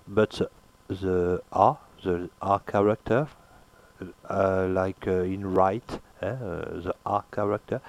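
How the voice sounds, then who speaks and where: This slow, low-pitched language teacher, a native French speaker, gives a pronunciation lesson. He is hesitant, with many filler pauses, and he repeats words slowly to model their sounds.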